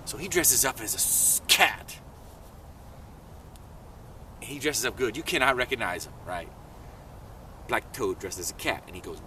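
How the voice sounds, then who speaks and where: A man spins a kids' adventure tale with a lively, up-and-down delivery and a bright tone. He sounds a little distant from the mic, with faint vehicle noise in the background. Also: measured pace, pauses often. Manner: lively, swoops high in pitch for excited questions. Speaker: storyteller. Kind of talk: animated children's story narration.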